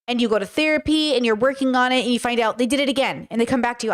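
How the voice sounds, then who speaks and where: A woman's voice: sits high, lively intonation, fast talker. A woman hosting a podcast, talking frankly and casually with her chat, swearing now and then. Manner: chatty, frank, swears, acts out quoted speech. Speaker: podcast host. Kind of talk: casual commentary reacting to chat.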